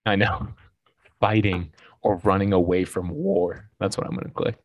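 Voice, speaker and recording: A man co-hosting a casual movie podcast, reading out quiz questions in a relaxed way. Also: low-pitched, normal speed, dry recording, highs cut off. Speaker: podcast co-host.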